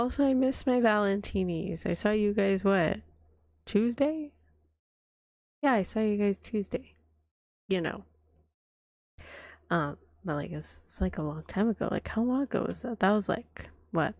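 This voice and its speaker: Hoarse, gravelly young woman, softly whispering. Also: medium pitch, no room sound. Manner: chatty, soft and breathy, often drops to a whisper. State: hoarse from a cold. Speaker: vtuber streamer. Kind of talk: whispered role-play.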